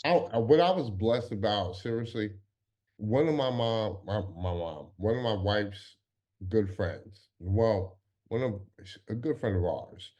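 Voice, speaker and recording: A man's voice: on the low side, lively intonation, unhurried, a little mellow. A man co-hosting a podcast in casual conversation, often stopping and restarting his sentences. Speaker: podcast co-host.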